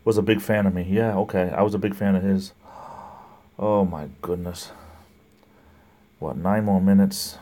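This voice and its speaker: Low and dark in tone, this man's voice stays steady at a normal speed, with frequent pauses. He's running a casual live chat, reading viewer comments, welcoming people by name, rambling and laughing often between remarks.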